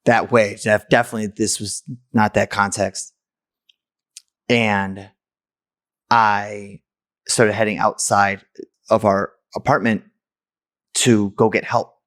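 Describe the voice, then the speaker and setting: A man's voice: fairly low pitch, flat delivery, slow, long pauses, a bit bright, no room sound, clean studio sound. A man from the United States, a podcast host, telling a personal story in a candid, blunt way with casual swearing.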